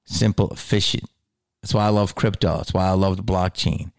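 A man's voice: fairly even intonation, normal speed, creaky, a little mellow. Profane ranting man comedian. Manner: swaggering, profane, heated ranting with sudden pitch jumps.

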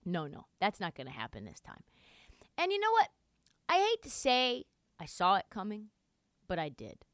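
Animated woman talking sports, bright and dry. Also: lowish voice, moderate pace, no echo. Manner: animated, swears, sarcastic asides. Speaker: sports commentator. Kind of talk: casual sports commentary.

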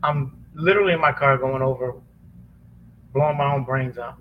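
A man tells a deeply personal story in a halting, earnest way, full of restarts and pauses. He sounds choked up, close to tears, at an ordinary middle pitch. A faint hiss of noise sits under the voice. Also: narrow, tinny audio. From Chicago area. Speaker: podcast guest, former police officer. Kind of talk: emotional personal testimony.

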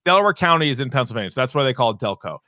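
A man's voice: mid-range voice, sing-song, very fast, sharp tone, no echo, studio quality. A man co-hosting a podcast, rambling through entertainment news in casual chat and swearing now and then. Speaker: podcast co-host.

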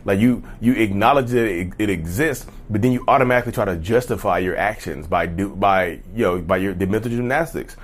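A man's voice: on the low side, fairly quick, hardly any pauses, slight background noise. Guy ranting straight to his viewers, blunt and heated, cusses, says y'all a lot. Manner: blunt, emphatic, keeps saying "y'all"; grows loud and heated. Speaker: vlogger on personality disorder. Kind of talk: casual monologue to camera.

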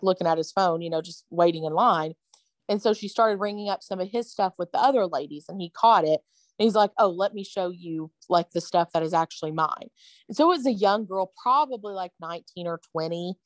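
A woman's voice: medium pitch, no echo. A tired, yawning woman, telling a story in casual chat with lots of fillers. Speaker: podcast co-host.

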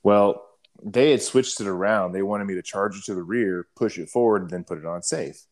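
A middle-aged man talks in an easygoing, casual way, his voice sitting fairly low. He swears freely and tells army stories, acting out the other people's lines as he goes. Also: normal speed. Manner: laid-back, profane storytelling with quoted dialogue. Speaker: army veteran telling stories. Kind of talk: casual chat.

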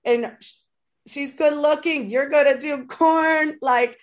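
Brief: higher-pitched woman host, gushing casual podcast chat, lots of restarts. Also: slow pace. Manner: gushing, excitable, many fillers and restarts.

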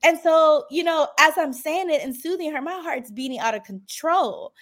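A high-pitched woman talks in a relaxed interview, her voice leaping up when she gets excited. She tells her story with emphatic energy and acts out what people said to her. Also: moderate pace. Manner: animated storytelling, acting out quoted dialogue. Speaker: reality show contestant guest. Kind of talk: casual podcast interview.

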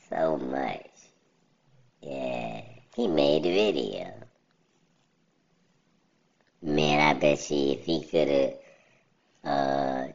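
A woman's voice: creaky, a little mellow, muffled recording. A woman giving a rambling, slangy commentary on a video she is watching, laughing often. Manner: rambling, slangy, laughs often, voice jumps high when ranting. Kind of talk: casual reaction commentary.

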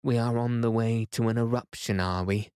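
A man voicing a frightened young explorer who pleads in agitated questions, in a soft reading voice. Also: mid-range voice, steady tone, normal speed, smooth, no echo, studio quality, close to an everyday voice. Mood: alarmed.

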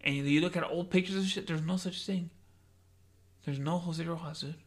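A man rambling on a casual podcast, spinning wild hypotheticals and saying "dude" at every turn. His voice is gravelly and husky, sitting slightly high for a man. He often drops into hushed, whispered asides when acting out other people. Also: fairly even intonation, brisk. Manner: rambling, says "dude" constantly, acts out scenarios in hushed voices. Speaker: podcast co-host. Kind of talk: casual chat.

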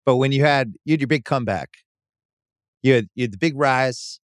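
A man's voice: medium pitch, brisk, no echo, studio quality. A man hosting a podcast in a casual conversation, blunt and swearing casually. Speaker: podcast host.

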